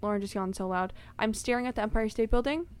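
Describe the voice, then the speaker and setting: A woman's voice: medium pitch, fast talker. A young woman in her twenties, co-hosting a casual chat podcast and telling stories with lots of exclamations. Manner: animated storyteller, exclaims often. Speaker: podcast co-host.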